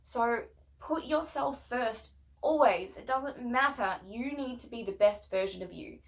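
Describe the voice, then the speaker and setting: A woman's voice: fairly high pitch, unhurried, gravelly. A young woman venting in a casual rant to camera, blunt and swearing often, emphatic and heated. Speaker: vlogger.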